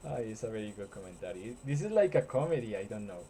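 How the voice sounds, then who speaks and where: Guy retelling a movie, lots of uh and um, dark mellow voice, faint hiss. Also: mid-range voice, sing-song, low-quality recording. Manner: halting, full of fillers and restarts. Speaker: storyteller.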